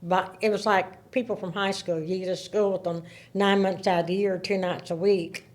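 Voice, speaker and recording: A woman in her seventies, a podcast guest, telling stories in a casual, animated way, laughing and repeating words as she talks. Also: mid-range voice, normal speed. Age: 70s. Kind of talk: casual storytelling.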